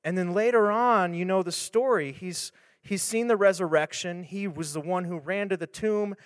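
A man's voice: sits high, moderate pace, no room sound, studio quality, long reverb tail. A man, a pastor, speaking candidly and conversationally about scripture, retelling stories with restarts and casual asides. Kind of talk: casual devotional talk on scripture.

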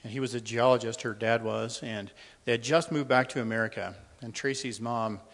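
Standing before a congregation in a church hall, a middle-aged man shares a personal testimony in a steady, fairly bright, medium-pitched voice that moves a little fast. His manner is conversational and a touch nervous, with frequent ums and restarts. The hall adds a long reverb.

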